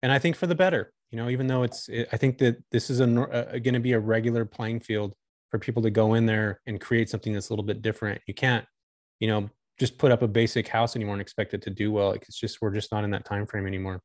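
Fast-talking enthusiastic man, dry sound. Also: lowish voice, steady tone, dry recording. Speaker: guest, short-term rental host. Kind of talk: casual podcast chat.

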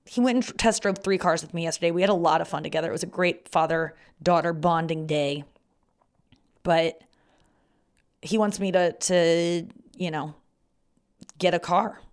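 A young woman hosts her own podcast and talks through stories from her week in a loose, casual way. She swears often and breaks into loud quoted outbursts now and then. Her voice sits a little lower than most women's. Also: normal speed, long pauses, clear, resonant tone. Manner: swears freely, acts out loud quoted shouts. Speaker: podcast host. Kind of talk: casual storytelling monologue.

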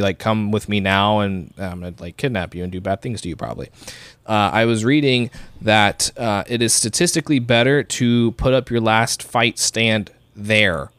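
A man's voice: mid-range voice, fairly bright tone, smooth, dry recording. A young man co-hosting a casual podcast, rambling with lots of fillers and acting out quotes. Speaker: podcast co-host.

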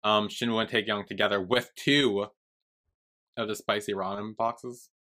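A man's voice: lowish voice, steady tone, moderate pace, pushed and bright. A young man co-hosting a podcast, chatty and retelling scenes with frequent swearing. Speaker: podcast co-host. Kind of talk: casual chat.

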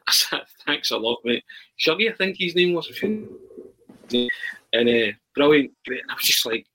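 A man, a podcast guest, telling a travel anecdote in a halting, animated way with many restarts. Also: medium pitch, slightly rough, low-quality recording. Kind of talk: casual storytelling.

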